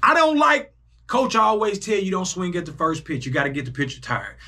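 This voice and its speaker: A young man hosting a casual sports reaction video, animated and breaking into loud bursts as he talks to himself. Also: sits high, fairly quick. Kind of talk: excited casual reaction commentary.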